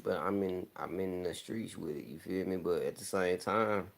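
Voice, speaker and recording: A young man from the American South, with a Southern country accent, rambles casually at a moderate pace. His very low voice carries a gravelly fry, and he slurs slightly while laughing through it, staying loose and easygoing.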